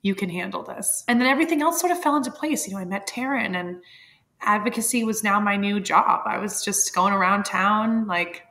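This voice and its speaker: A woman's voice: mid-range voice, fairly quick, pushed and bright. A woman in her thirties, a podcast guest, telling a personal story candidly and with feeling, laughing often and using many fillers.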